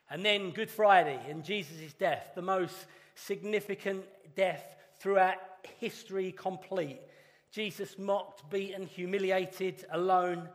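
Guy giving an easter sermon, kinda high voice, big echoey church, slows down for the dramatic bits. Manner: earnest, conversational with dramatic pauses. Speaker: pastor. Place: church hall. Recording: long reverb of a church hall.

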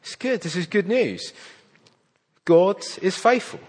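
A man preaching a sermon, reading scripture aloud and then explaining it in an earnest, animated way, often restarting his phrases. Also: high-pitched, slow, husky. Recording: long hall reverb.

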